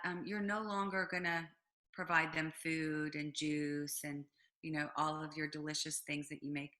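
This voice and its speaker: A low-pitched, middle-aged woman speaking at a moderate pace tells a personal story as a business owner guest in an interview. She's a lively storyteller who acts out quotes and leans on frequent fillers.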